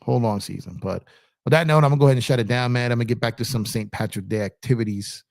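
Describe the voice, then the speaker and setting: A man's voice: mid-range voice, rapid-fire, gravelly, no room sound, clean studio sound. A man hosting a casual sports livestream, talking in a laid-back, rambling way with lots of fillers and repeated phrases. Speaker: sports channel host.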